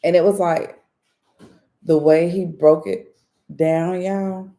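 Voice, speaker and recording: A woman's voice: fairly low pitch, steady tone, slow, warm tone. A woman hosting her channel, chatting casually and candidly with viewers, telling stories with frequent laughs and blunt, profane asides. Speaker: spiritual reader and channel host. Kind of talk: casual storytelling chat to viewers.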